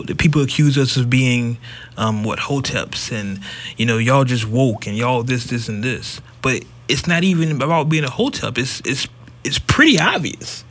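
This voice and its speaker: A man with a bright, ringing voice talks on a casual podcast. He is a regular host who speaks bluntly and with emphasis, swearing freely as he gives his opinions. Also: mid-range voice. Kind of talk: casual commentary.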